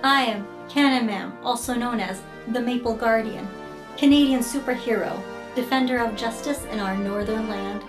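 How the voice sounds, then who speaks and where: A woman's voice: on the high side, normal speed, over music, natural voice. A woman playing a proud, earnest superhero who declaims her titles in a comedy skit. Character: proud new Canadian superhero.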